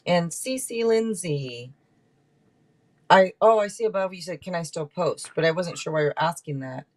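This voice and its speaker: A woman's voice: fairly low pitch, lively intonation, moderate pace. A woman hosting a live tarot stream, chatting casually and rambling through card meanings. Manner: chatty and rambling, with many restarts.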